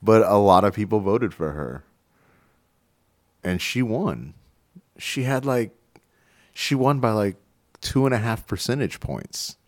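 A man's voice: on the low side, expressive, slow pace, pauses often. A man hosting a radio show, chatting casually with lots of fillers and laughs. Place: radio studio.

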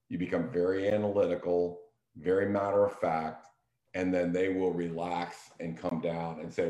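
A man's voice: low voice, normal speed, a little mellow, reverberant. A man, hosting a casual real estate talk in an emphatic, coaching way. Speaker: real estate agent, show host. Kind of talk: casual business chat.

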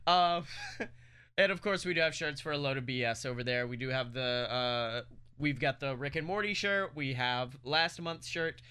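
A man's voice: medium pitch, normal speed, pushed and bright, clear, resonant tone. A man co-hosting a podcast, rambling through a merch plug and stories with laughs and self-mocking asides. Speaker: podcast co-host. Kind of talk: casual podcast banter.

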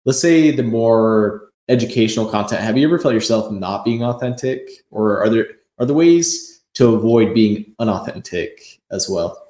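A man's voice: lowish voice, expressive, normal speed, hardly any pauses, mellow, echoey room. A man hosting a podcast, upbeat and chatty, often stumbling over restarts and filler words. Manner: enthusiastic, stammers and restarts, many "like"s. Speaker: podcast host. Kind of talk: casual interview talk.

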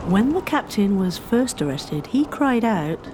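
A woman narrating a historical story in a measured, scripted storytelling style. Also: mid-range voice, big pitch swings, very noisy.

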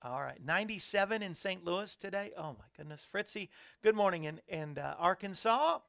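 Male host, gravelly voice, friendly running chatter into a studio mic. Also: high voice, lively intonation, normal speed, a bit bright. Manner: chatty, reads viewer comments aloud, upbeat asides. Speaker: show host. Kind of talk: casual live-stream chat. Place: small studio under hot lights. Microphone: studio microphone.

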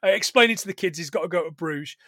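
High-voiced British man recapping a film. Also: sharp tone, no echo. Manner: swears freely, acts out film lines in quick impressions. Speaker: podcast co-host. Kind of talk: casual film recap chat.

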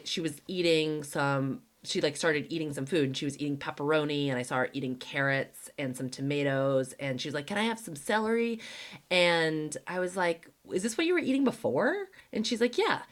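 A woman hosting a podcast and chatting casually, with lots of "like" fillers and acted-out quotes as she tells stories. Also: low voice. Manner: chatty, heavy use of "like", acts out quoted dialogue. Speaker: podcast host. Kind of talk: casual conversational storytelling.

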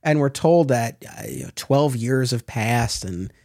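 A man hosting a podcast in a casual discussion. He talks in an animated way and often restarts and corrects himself mid-sentence. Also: medium pitch, unhurried, vocal fry, no echo, studio quality. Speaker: podcast host.

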